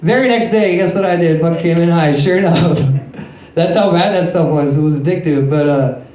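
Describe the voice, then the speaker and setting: Young guy doing standup, kinda high voice, swears a lot, roasts himself, echoey club. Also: moderate pace, mellow. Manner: crude, self-mocking storytelling with frequent swearing. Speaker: stand-up comedian. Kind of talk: stand-up comedy set. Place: comedy club stage.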